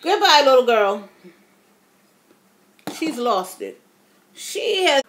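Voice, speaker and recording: Chatty high-voiced woman in her fifties. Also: big pitch swings, slow, a bit bright, slight background noise. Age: 50s. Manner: chatty, addresses viewers as y'all, dramatic retelling. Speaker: vlogger. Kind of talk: casual storytelling to camera.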